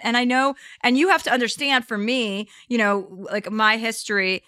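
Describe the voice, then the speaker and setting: A woman's voice: on the high side, fairly even intonation, moderate pace, sharp tone, no room sound, clean studio sound. A woman hosting a podcast, talking candidly in casual conversation, with crude jokes. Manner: candid, chatty, crude joking. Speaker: podcast host.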